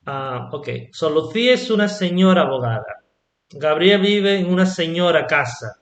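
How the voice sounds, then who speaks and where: A man teaching an online Spanish lesson, explaining slowly and patiently and checking in with "yeah?" after his examples. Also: on the high side, lively intonation, fairly bright tone, echoey room.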